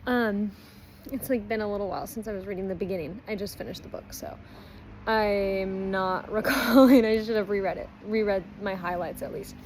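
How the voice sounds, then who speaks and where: A woman's voice: medium pitch, normal speed, a little mellow, a little hiss or hum, poor audio. A woman casually reviewing a book, retelling stories in a chatty way, with frequent ums and likes. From not Australian.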